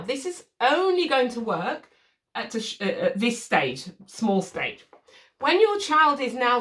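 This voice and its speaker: Calm woman coaching parents, distant mic. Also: fairly high pitch. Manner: calm, patient, reassuring, demonstrates shushing. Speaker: baby sleep consultant. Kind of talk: instructional demonstration. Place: room with a changing mat set up as a crib.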